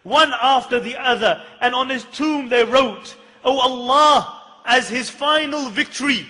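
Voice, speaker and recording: Impassioned high-voiced male preacher. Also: measured pace, sharp tone. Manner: impassioned, rising to urgent rhetorical questions. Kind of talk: fiery sermon. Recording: long hall reverb.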